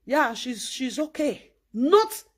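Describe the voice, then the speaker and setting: High-voiced woman with Nigerian Pidgin accent. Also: very animated, slow. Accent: Nigerian Pidgin English. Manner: emphatic, preachy, repeats phrases. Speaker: vlogger. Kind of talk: animated monologue.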